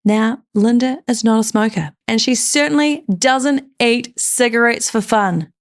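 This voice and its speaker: A woman hosting a comedic true-crime podcast, telling the case with dramatic, lively storytelling. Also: fairly high pitch, unhurried.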